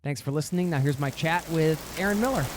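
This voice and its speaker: A man's voice: on the high side, quick pace, very noisy. Upbeat man hosting a podcast. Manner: energetic, jokey, lots of fillers and restarts. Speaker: podcast host. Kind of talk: upbeat podcast intro and chat.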